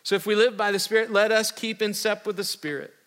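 Male pastor, middle-aged, from Iowa; high, bright, joking sermon voice, big hall reverb. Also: fairly even intonation, fairly quick. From Iowa, USA. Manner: conversational and joking, with casual slang.

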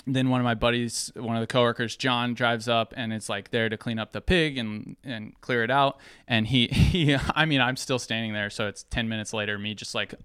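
A young man telling a personal story to an audience, lively and acting out the people in it. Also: mid-range voice, normal speed, hardly any pauses, clean tone, dry recording, clean studio sound. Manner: lively, acts out quoted voices. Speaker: speaker sharing a personal story.

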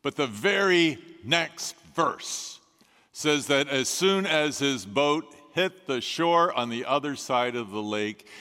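A man preaching a sermon as a pastor, telling the story in a measured way with dramatic pauses. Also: medium pitch, pushed and bright, clean tone. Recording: long reverb of a large hall.

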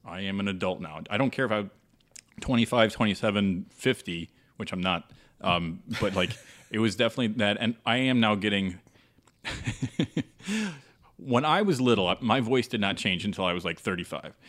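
A man's voice: lowish voice, animated, moderate pace, a bit bright. A man chatting casually on a podcast, laughing often as he rambles. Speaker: podcast host. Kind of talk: casual chat.

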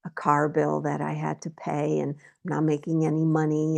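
A woman talking candidly in a casual conversation, telling stories about her life and getting animated when she acts out her own reactions. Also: low voice, normal speed, vocal fry, few pauses. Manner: candid storytelling, animated when quoting herself. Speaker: guest.

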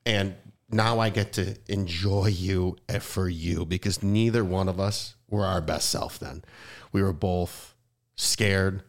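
A man hosting a podcast interview, talking emotionally and rambling with many restarts. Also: low-pitched. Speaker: podcast host. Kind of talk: heartfelt conversational interview.

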